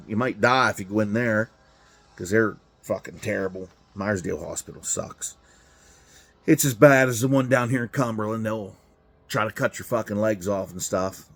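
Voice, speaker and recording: A middle-aged man who drives trucks tells a casual story in a garage at a car event, cursing bluntly and acting out both parties in the exchange. His voice sits on the low side and is a bit bright.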